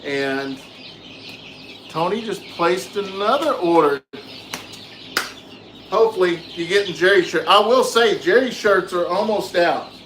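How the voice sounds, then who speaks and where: A man hosting a casual farm vlog outdoors, chatting with viewers and talking softly to his animals. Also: sits high, unhurried, long pauses. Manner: easygoing, soothes animals softly. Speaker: farm channel host. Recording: echoey with loud outdoor noise.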